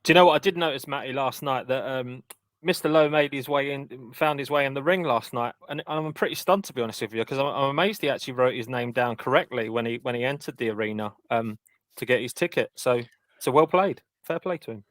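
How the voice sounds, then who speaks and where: A man dropping dry, sarcastic remarks on a casual podcast. His voice is mid-pitched and the recording is close and dry. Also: brisk, a bit bright, dry recording.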